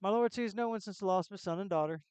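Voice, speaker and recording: A woman's voice: medium pitch, very fast, a little mellow, clear, resonant tone, no echo, natural voice. A woman voicing a solemn male castle gatekeeper, reading the game's lines in plain speech. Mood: informative. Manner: plain game-text reading.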